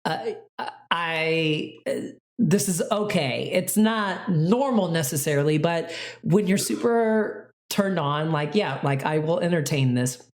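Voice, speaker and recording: A woman's voice: sits low, expressive, slow. A woman co-hosting a podcast, chatting casually with lots of "like" and fillers. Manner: rambling, heavy on "like", dramatic readings of messages. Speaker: podcast co-host. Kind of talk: casual chat.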